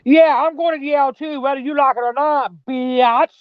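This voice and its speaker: A woman's voice: sits high, fairly even intonation, moderate pace, dry recording, lo-fi sound. A mother chatting casually about her children, rambling, swearing freely and often tossing in "man". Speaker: mother telling personal stories. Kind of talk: casual storytelling chat.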